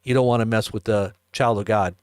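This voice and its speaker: A man preaching and commenting on the news, emphatic, full of rhetorical questions and quick restarts. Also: on the low side, steady tone, darkish tone, no room sound, studio quality.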